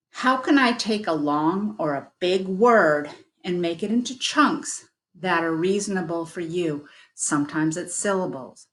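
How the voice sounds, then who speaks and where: A woman teaching a phonics lesson at a slow, careful pace, stretching words into their sounds. Her voice sits a little low. The recording has a roomy echo. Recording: echoey room.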